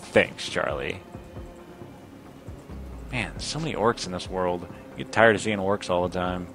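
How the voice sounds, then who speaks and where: Low-voiced sarcastic male gamer. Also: measured pace, soft background music. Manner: sarcastic, reads game dialogue aloud in a lightly raised voice. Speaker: gaming video host. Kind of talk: casual let's-play commentary.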